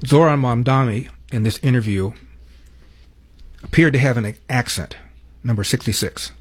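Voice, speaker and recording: Husky man giving political commentary. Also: mid-range voice. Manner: emphatic, slows down on key figures. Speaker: host.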